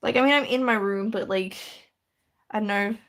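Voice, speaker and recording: A woman's voice: mid-range voice, normal speed, a bit bright. A woman from Australia with an Australian accent, live-streaming from her room and chatting casually with her viewers, laughing lightly as she answers. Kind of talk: casual live-stream chat while drawing.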